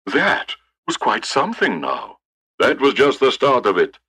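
A man's voice: mid-range voice, very animated, unhurried, bright, forceful tone, husky, voice pushed up, exaggerated voice. A man playing a boastful war-hero fighter pilot in a comedy sketch, telling his story in a hammy way.

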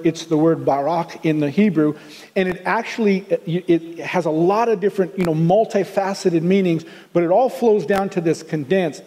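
A man's voice: high-pitched, mellow, big-room sound. An older man from the American South with a Southern accent, preaching a sermon in an earnest, conversational way. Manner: conversational, earnest, with many restarts. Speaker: pastor.

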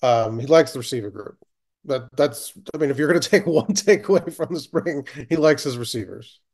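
A man's voice: mid-range voice, animated, moderate pace, a little mellow. A man who covers college football, chatting casually with lots of hesitations and filler words. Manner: hesitant, lots of ums and you-knows. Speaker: college football beat reporter. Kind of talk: casual sports chat.

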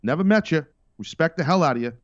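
Middle-aged guy hosting, blunt and sweary, sarcastic, animated delivery, lo-fi sound. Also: a little high, fast, no room sound. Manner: emphatic, blunt and profane with sarcastic asides. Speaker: podcast host. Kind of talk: casual wrestling commentary.

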